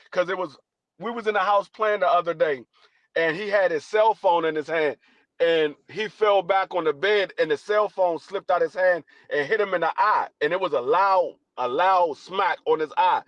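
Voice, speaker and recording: An older man and podcast co-host, telling stories in an animated, casual way. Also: sits high, normal speed, dry recording. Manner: animated storytelling. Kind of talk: casual chat. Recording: dry, dull lo-fi mic.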